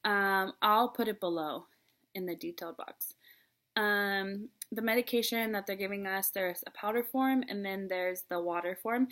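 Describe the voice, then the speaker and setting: A young woman talking to camera in a personal vlog, chatty and earnest with many ums, at times tearful. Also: mid-range voice. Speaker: vlogger. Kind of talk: personal vlog, casual confiding talk.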